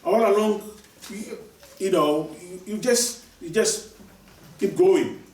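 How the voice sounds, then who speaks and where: Here the preacher's voice is high, slow and somewhat mellow as he gives his sermon, emphatically restating key lines and restarting often. The recording captures him from afar in an echoey space.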